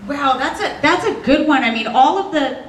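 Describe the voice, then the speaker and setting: A woman's voice: high voice, brisk, a little hiss or hum. Bubbly woman in an echoey hall. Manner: animated, bubbly, laughs often. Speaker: voice actress, panel guest. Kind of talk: convention panel Q&A. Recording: echoey hall audio from a distance.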